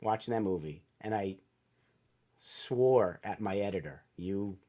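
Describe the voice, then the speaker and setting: A man's voice: fairly low pitch, a little slow, warm tone. A middle-aged man, a podcast guest and author, telling a personal story in a casual, earnest and emotional way, acting out the voices of people he quotes.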